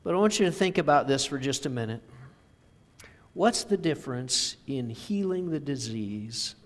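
A man preaching a sermon, reading scripture and telling stories in a slow, measured way. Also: mid-range voice, expressive, in a large hall. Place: church sanctuary.

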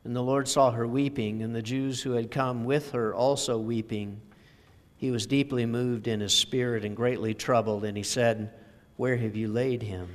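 Slow-speaking preacher in a reverberant church. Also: male voice, mid-range voice. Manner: slow, measured storytelling with scripture reading. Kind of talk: sermon. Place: church sanctuary.

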